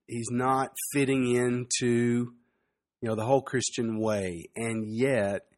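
A man giving a sermon, telling stories in a relaxed conversational way with frequent asides to the listeners. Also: mid-range voice. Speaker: preacher.

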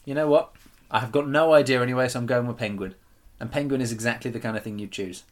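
Male podcast co-host, middle-pitched, playful teasing delivery with frequent laughs. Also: fairly even intonation, fast, heavy background noise. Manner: jokey, teasing, laughs often. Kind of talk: casual podcast chat.

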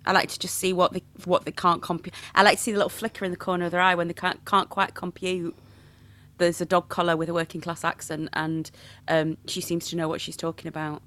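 Animated regional English woman priest. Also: fairly low pitch, fast talker. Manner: playful, animated storytelling. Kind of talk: conversational interview.

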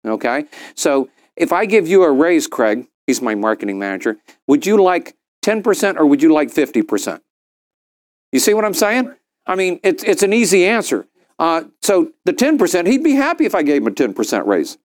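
A man's voice: a little high, normal speed. A middle-aged man speaking to a business group, telling stories and acting out other people's lines in a raised voice. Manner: animated, acts out quotes in a raised voice. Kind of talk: storytelling talk to a group.

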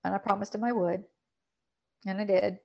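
A middle-aged woman telling a painful personal story in a podcast conversation, emotional and halting, often repeating words. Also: medium pitch, fairly even intonation, vocal fry, dull audio. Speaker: podcast guest.

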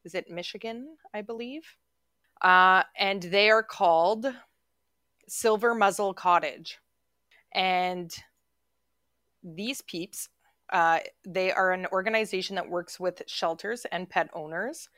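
A woman in her forties with a fairly low voice chats casually on a podcast, telling stories with plenty of "like" fillers and bursts of laughter. The sound is dry and close, with no room around it. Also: slow, bright, forceful tone, no room sound. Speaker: podcast co-host. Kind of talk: casual storytelling chat.

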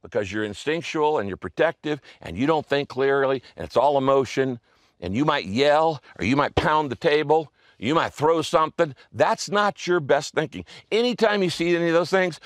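A man's voice: a little high, no room sound, clean studio sound. A male pastor preaching a sermon in a conversational way, often checking in with the listener and acting out inner thoughts.

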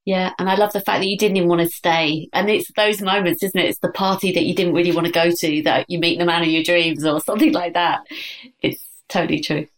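A woman's voice: lowish voice, steady tone, fast talker. A woman who runs a business, speaking as a guest on a podcast in an enthusiastic, chatty way. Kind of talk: conversational podcast interview.

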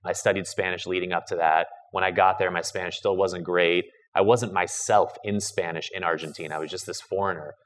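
A man talking casually in an online audio chat, earnest and encouraging, modest about himself. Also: low-pitched. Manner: earnest, encouraging, self-deprecating. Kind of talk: casual chat giving advice.

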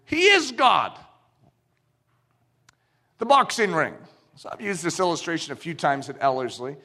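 Male preacher, high and sharp-toned, very expressive delivery, acts out scenes mid-sermon. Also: a little slow. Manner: animated, acts out dialogue and illustrations.

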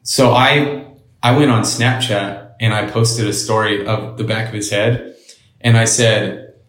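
A man's voice: fairly low pitch, fairly even intonation, unhurried, fairly bright tone, reverberant, low-quality recording. A man as an interview guest, telling a story casually and bluntly, with lots of swearing and quoted dialogue.

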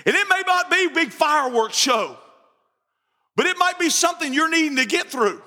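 A man preaching an animated sermon in church, full of jokes and acted-out quotes. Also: extremely high pitch, normal speed, long reverb tail. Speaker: pastor.

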